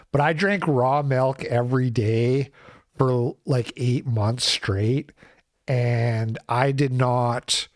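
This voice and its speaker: A man's voice: mid-range voice, no echo, clean studio sound. A man hosting his own show, ranting in casual commentary with a sarcastic edge. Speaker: show host.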